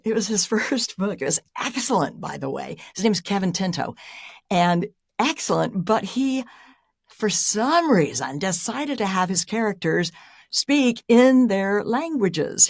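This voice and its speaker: A woman's voice: medium pitch, no echo, studio quality. A middle-aged woman, an airline pilot and audiobook narrator, telling stories in a casual interview with frequent laughs and sudden rises for emphasis. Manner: animated storyteller, laughs often, voice jumps up for emphasis.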